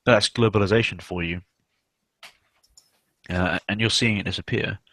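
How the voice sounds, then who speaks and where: Brief: young man, low voice, dry close mic, loose sweary rambling host. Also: fairly even intonation, normal speed, fairly bright tone, dry recording. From South West England. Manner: rambling and sweary, many fillers. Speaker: stream host. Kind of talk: casual livestream chat.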